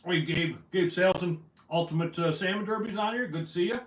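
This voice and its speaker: Speaking fairly quickly in a high-pitched voice, a man runs a laid-back fishing livestream indoors at home. He's slightly winded while greeting viewers by name, and the recording carries a roomy echo.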